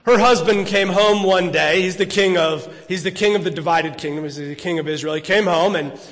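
Chatty high-voiced preacher in church. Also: male voice, a little fast, a bit bright. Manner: conversational storytelling, frequent restarts. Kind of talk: casual sermon. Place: church sanctuary. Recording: long church reverb.

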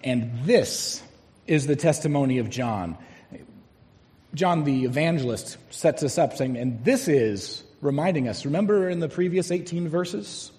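A male pastor preaching a sermon, telling a story and slowing down to stress key words. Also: on the high side, dark tone. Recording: long hall reverb.

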